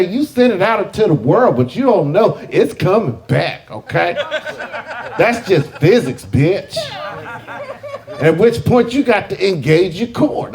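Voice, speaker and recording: A man from the South, doing a stand-up comedy set with a brash, profane, punchy delivery. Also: sits high. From American South. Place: live comedy venue with audience.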